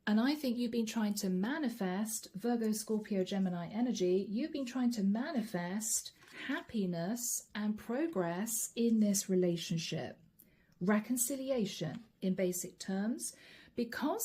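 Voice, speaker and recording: A woman's voice: mid-range voice, lively intonation, measured pace, mellow, husky. A woman doing a channeled tarot reading, chatting directly to her viewers as she reads the cards aloud. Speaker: tarot card reader.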